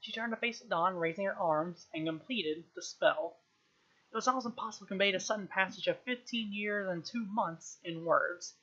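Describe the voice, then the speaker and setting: A woman's voice: mid-range voice, a bit bright, highs cut off. Woman reading a novel aloud on stream. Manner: quick reading with frequent throat-clearing. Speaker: reader, streamer.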